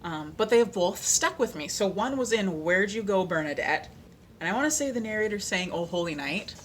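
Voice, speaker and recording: Chatty woman vlogger, playful and animated. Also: medium pitch, brisk, slight background noise. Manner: chatty and animated, full of fillers, laughs and playful sung snippets. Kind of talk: casual chat.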